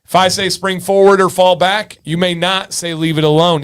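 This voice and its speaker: A man's voice: sits high, fairly even intonation, moderate pace, a bit bright, smooth. A man in his thirties hosting a casual livestream, joking with viewers and breaking into bits of song. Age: 30s. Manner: jokey, sings snatches of songs, chats with viewers. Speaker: livestream host.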